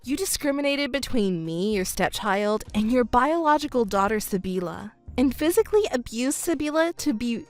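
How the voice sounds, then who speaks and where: Woman voicing a cold, calm stepdaughter. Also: on the high side, moderate pace, hardly any pauses, faint music behind, close to an everyday voice. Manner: calm, cold and matter-of-fact. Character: cool-headed young adult stepdaughter. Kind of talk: texting story narration.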